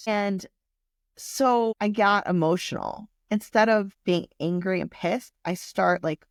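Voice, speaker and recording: A woman's voice: mid-range voice, measured pace, dry recording, clean studio sound. A woman in her forties telling a personal story in a candid, emotional way and swearing freely. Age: 40s. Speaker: vlogger.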